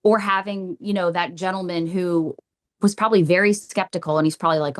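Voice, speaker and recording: This psychic medium, a woman with a lowish voice, speaks at a brisk clip while recounting stories on a podcast. She's lively, acting out other people's words and repeating phrases along the way.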